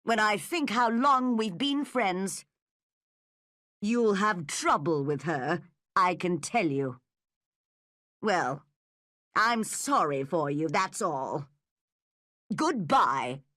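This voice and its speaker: A woman's voice: on the low side, expressive, very slow, long pauses, fairly bright tone, dry recording, clean studio sound, heavily acted. A woman voicing a nosy, blunt older village woman who tuts and disapproves in a storybook reading. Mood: disapproving. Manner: tutting and disapproving.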